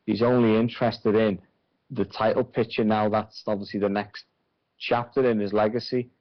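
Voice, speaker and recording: A man's voice: fairly low pitch, level tone, normal speed, no room sound. A man co-hosting a radio show, giving blunt, opinionated takes in casual chat. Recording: dull dry sound.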